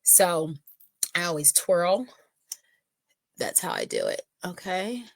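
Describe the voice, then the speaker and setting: A woman's voice: fairly low pitch, wildly swooping pitch, takes it slowly, vocal fry, no echo. A middle-aged woman giving a casual makeup tutorial, chatting with viewers and often checking in with them. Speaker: makeup consultant.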